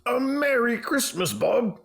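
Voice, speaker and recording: A man voicing an old male miser turned joyful and generous, hearty and exclaiming warmly. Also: very high-pitched, lively intonation, slow, vocal fry, voice pushed up, heavily acted. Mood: jovial.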